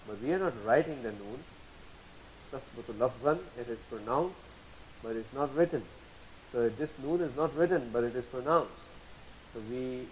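A man gives a patient, step-by-step lesson, saying each example slowly more than once and checking that listeners follow. His voice sits at an ordinary middle pitch. A faint hiss runs under the recording. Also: poor audio. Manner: patient, repeats terms slowly, asks checking questions. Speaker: teacher. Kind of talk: explanatory lesson.

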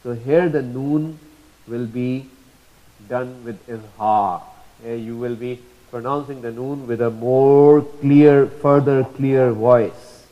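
Slow, patient male recitation teacher. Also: mid-range voice, fairly even intonation, highs cut off. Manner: patient, repeats examples slowly and drawn out. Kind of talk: slow tajweed lesson.

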